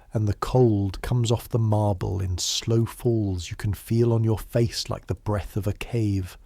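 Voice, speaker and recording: A man narrating a scripted bedtime history story in the second person, slow, soft and unhurried, with hushed asides. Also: fairly low pitch, fairly even intonation, gravelly, no room sound, clean studio sound.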